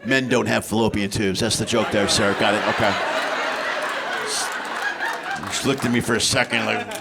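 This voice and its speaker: A middle-aged man doing a stand-up comedy set, telling stories with animated delivery and shouting the punchlines. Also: lowish voice, normal speed, creaky, a loud crowd, heavy background noise. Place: live comedy stage. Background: audience laughter.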